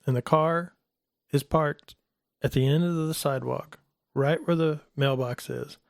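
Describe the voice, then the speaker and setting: A middle-aged man telling a personal faith story in a casual talk, animated and acting out the voices of the people in it. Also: measured pace, gravelly, no echo, studio quality. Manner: animated, acts out quoted voices in a higher pitch. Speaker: guest telling his testimony.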